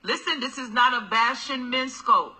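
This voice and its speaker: A woman's voice: fairly high pitch, moderate pace, rough recording. Sassy preacher-like woman host. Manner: animated, exhorting, sassy, preacher-like. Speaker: host of a livestream talk show. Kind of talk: preachy casual livestream talk.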